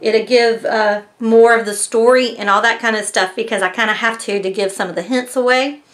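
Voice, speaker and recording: Lady vlogger, high voice, rambling chatty storytelling with lots of ums. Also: fairly even intonation, moderate pace, a bit bright. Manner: chatty storytelling with many fillers and "right?". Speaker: vlogger reviewing a mystery box. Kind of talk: casual chat.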